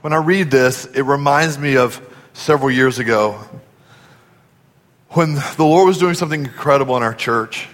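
A male pastor preaching a sermon, telling a story in an earnest way and dropping to a soft, low voice for emphasis. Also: moderate pace, long reverb tail. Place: church auditorium.

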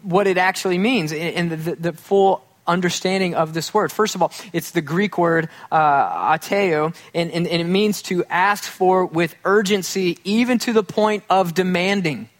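Pria pendeta berkhotbah santai dan jenaka. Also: male voice, sits high, normal speed, hardly any pauses. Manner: conversational, self-deprecating humor, acts out quoted voices. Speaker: pastor. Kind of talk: sermon.

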